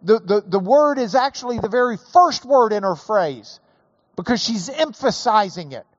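A man preaching a sermon, slow and emphatic, building to raised emphasis on key points. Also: high voice, animated, no room sound, highs cut off. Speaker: pastor.

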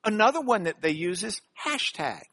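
A middle-aged man from Texas, teaching a Bible study with emphatic, animated delivery. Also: sits high, moderate pace.

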